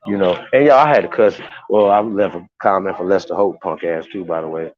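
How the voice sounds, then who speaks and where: A man's voice: sits low, fairly quick. Profane, heated man talking on a livestream. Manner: profane, heated, rambling with many restarts. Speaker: livestream host. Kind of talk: casual livestream talk to viewers. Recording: dull lo-fi sound.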